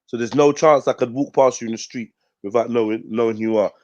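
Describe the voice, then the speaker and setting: A man's voice: medium pitch, steady tone, quick pace, darkish tone, no echo, highs cut off. A man hosting a live stream, talking bluntly with lots of swearing and street slang. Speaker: host of a live news talk stream. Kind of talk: casual livestream rant.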